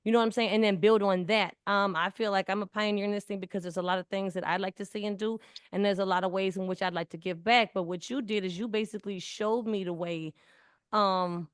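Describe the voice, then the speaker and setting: A woman's voice: mid-range voice, steady tone, fairly quick, smooth, no room sound, studio quality. A woman in her forties, talking in an earnest, emphatic way in casual conversation and often repeating words. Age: 40s. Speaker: community speaker.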